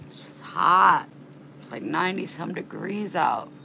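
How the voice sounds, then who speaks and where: Low-voiced woman venting in a casual vlog. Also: lively intonation, measured pace, creaky, noisy background. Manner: rambling, worked up and indignant; folksy, frank, swears casually. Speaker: vlogger.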